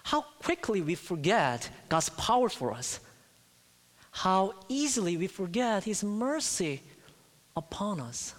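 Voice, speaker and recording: A man's voice: high-pitched, sing-song. A man preaching a sermon, emphatic, dropping to a near-whisper at times. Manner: emphatic, slow, swings from loud to near-whisper. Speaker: pastor. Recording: long hall reverb.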